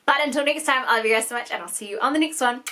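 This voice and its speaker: A young woman vlogging a makeup unboxing, gushing and gasping with endless excitement. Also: a little high, racing. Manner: gushing, gasping, lots of "oh my god" and "honey". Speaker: beauty vlogger.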